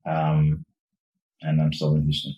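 A man with a notably deep voice talks in a relaxed, explanatory way, often restarting his sentences. He is set back from the microphone. The room around him rings with echo. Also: measured pace, muffled recording. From New York. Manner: easygoing, explanatory, trails off and restarts. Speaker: guest, religious teacher. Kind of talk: casual interview chat. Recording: roomy echo, distant mic.

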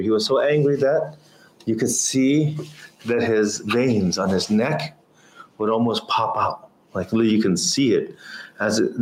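A man giving a religious lesson on hadith, reciting Arabic quickly and explaining in slower, halting English. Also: mid-range voice, slight background noise. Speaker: Islamic teacher. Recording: roomy echo with faint ambience.

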